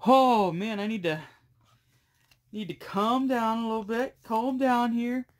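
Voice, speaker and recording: A man's voice: very high voice, unhurried. A man opening trading card packs on camera, talking to his viewers in a breathless, exclamatory way. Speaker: card collecting YouTuber. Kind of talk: casual pack-opening vlog.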